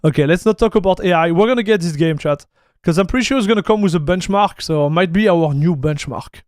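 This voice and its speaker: Speaking quickly in a high, light voice, this relaxed tech streamer from France talks with a French accent to his live-stream chat. He's easygoing, reads messages out loud, and keeps calling people "dude." The audio is dry and close, without any room echo.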